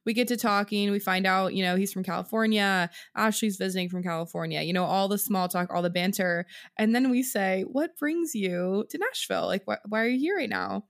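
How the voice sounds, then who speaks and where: A woman's voice: mid-range voice, steady tone, fairly quick, gravelly, hardly any pauses. A young woman co-hosting a podcast, telling a story in casual chat with frequent laughs. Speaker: podcast co-host.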